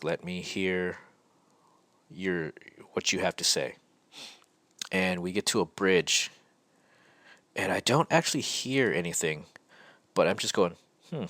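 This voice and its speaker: A man's voice: sits low, a bit bright, no room sound. A middle-aged man hosting a podcast, telling a personal story in a reflective, hesitant way with many fillers and restarts. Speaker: podcast host. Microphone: podcast mic.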